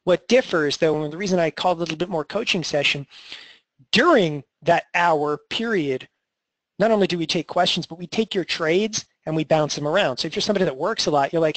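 Upbeat high-voiced man pitching a webinar. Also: a little fast, no echo, poor audio. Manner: energetic, salesy, tags lines with "okay?". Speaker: trading educator hosting a webinar.

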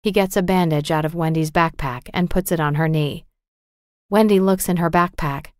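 A woman narrating a storybook for English learners with a clear, measured, carefully articulated reading. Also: fairly low pitch, a little mellow, dry recording, studio quality.

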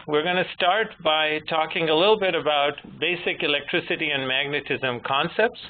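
A man in his fifties, moderator and presenter, giving a measured technical lecture with gentle humor. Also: fairly high pitch. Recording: tinny phone-line audio with faint noise.

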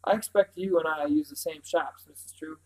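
A man's voice: a little high, moderate pace, natural voice, rough recording. A man voicing a chatty, breezy young woman visitor in a storybook reading.

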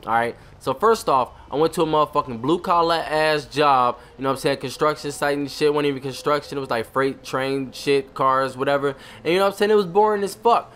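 A man giving casual commentary over his video game playthrough, profane and excitable, full of trash talk. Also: a little high, a little fast, few pauses, a little hiss or hum. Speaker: gaming channel host.

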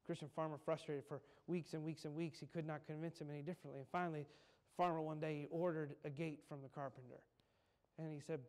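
A man's voice: fairly high pitch, steady tone. Fervent male pastor preaching a sermon. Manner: builds to loud emphatic peaks, slows on key phrases. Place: church sanctuary.

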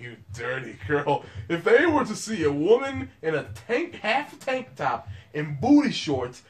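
A man's voice: high voice, unhurried. A man chatting casually with friends, acting out silly characters and laughing often. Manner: animated storyteller, acts out shouting characters and laughs a lot. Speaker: podcast co-host. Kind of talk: casual chat among friends.

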